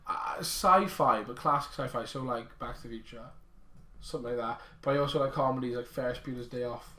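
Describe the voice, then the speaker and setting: A man's voice: medium pitch, brisk, bright, forceful tone, slight background noise. A young man co-hosting a podcast with friends, talking in an enthusiastic, jokey way. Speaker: podcast co-host. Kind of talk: casual chat among friends. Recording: roomy.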